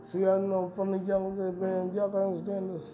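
A man with a high voice delivers a rambling, profane podcast monologue and hammers every point with emphasis. The recording is dull and lo-fi, with music clearly playing underneath. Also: monotone, normal speed. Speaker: podcast host. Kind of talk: casual monologue. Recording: dull lo-fi sound with music behind.

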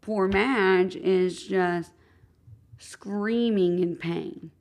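Woman podcast co-host, gravelly tone, earnest casual storyteller. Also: medium pitch, drawn-out words, darkish tone. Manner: earnest, retelling events step by step.

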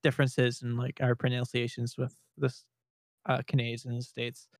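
A man's voice: mid-range voice, monotone, moderate pace, dry recording. Easygoing podcast co-host man, dry sound. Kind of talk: casual chat.

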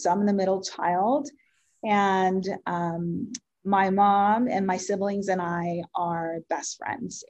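Woman, 40s, Spanish her first language, mid pitch; interview guest telling her own story, earnest and heartfelt, lots of ums and pauses. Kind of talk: personal life story in conversation.

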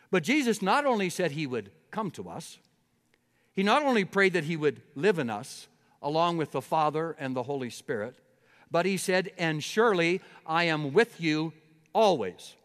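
A man's voice: on the high side, in a large hall. A man preaching a Sunday-morning sermon as pastor, building emphasis through repeated phrases. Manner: preaching with rising emphatic repetition.

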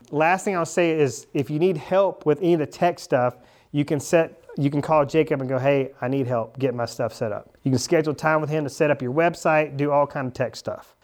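A man with a fairly high voice, teaching a class of real estate agents. He talks in a lively, animated way and slips into the voices of imagined clients to act out conversations. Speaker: real estate sales and marketing coach. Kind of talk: classroom training talk.

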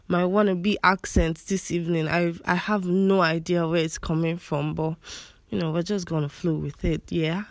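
A woman's voice: lowish voice, fairly even intonation, moderate pace, dry recording, clean studio sound. A young woman with a Nigerian American accent, hosting a solo podcast in a chatty, self-deprecating, rambling way. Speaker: podcast host. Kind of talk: casual solo podcast talk.

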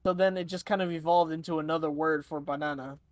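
A woman's voice: deep voice, steady tone, fast talker, no room sound. A young woman chatting casually into her own microphone, hesitant and full of filler words. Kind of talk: casual chat.

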